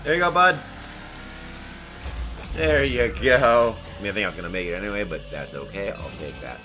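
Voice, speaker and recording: A man's voice: fairly low pitch, animated, normal speed. A young father casually commentating a car game, encouraging and coaching his son as they play. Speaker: streamer playing with his son. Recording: music playing under the voice. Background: game music and car sounds.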